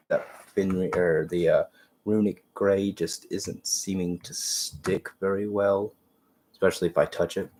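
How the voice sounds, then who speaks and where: A low-pitched man with a congested voice hosts a livestream, rambling and muttering as he paints miniatures. He trails off now and then while working, offering casual commentary over a noisy background.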